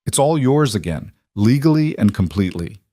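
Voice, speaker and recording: A man doing a paralyzed mafia boss, cold and deadly quiet, low voice, dry booth sound. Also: sing-song, normal speed, no echo. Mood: tender. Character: cold, controlled male mafia boss in wheelchair.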